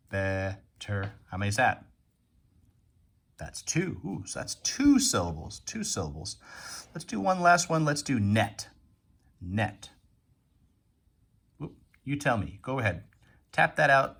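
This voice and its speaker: A man's voice: on the low side, a bit bright, breathy edge. A man teaching a phonics lesson to young children, patiently sounding out and repeating words.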